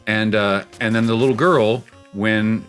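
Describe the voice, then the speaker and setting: A man's voice: on the low side, steady tone, a little slow, a bit bright, soft background music. A man hosting a gaming show, telling a spooky story in a rambling, chuckling way with plenty of restarts. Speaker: show host.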